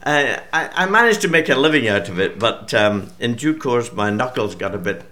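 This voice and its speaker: An older Scottish man, an author and broadcaster, chatting homely in an interview and telling a story with frequent throat-clearing. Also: mid-range voice, lively intonation, normal speed, pushed and bright.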